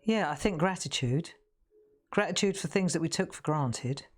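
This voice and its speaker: Woman, middle-aged, low-pitched, casual rambling chat, laughs often, live craft demo. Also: animated, normal speed. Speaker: craft demonstrator hosting a live stream.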